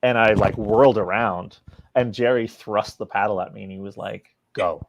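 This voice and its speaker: A man's voice: lowish voice, fairly even intonation, normal speed, gravelly, background noise. A man, a comic book writer guest in a podcast interview, telling a casual anecdote and acting out the quoted dialogue. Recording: dry, dull lo-fi sound.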